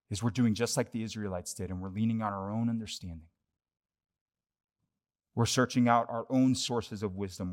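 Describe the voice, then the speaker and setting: A young adult man, a pastor, preaching a conversational sermon that moves between lively asides and hushed, earnest points. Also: on the low side.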